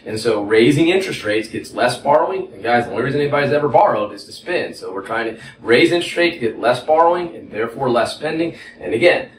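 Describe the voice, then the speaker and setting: A man's voice: mid-range voice, recorded from a distance, a little hiss or hum. Folksy Texan man lecturing in an echoey room. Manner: folksy, conversational, frequent "okay?" check-ins. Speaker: economics instructor. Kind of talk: whiteboard lecture.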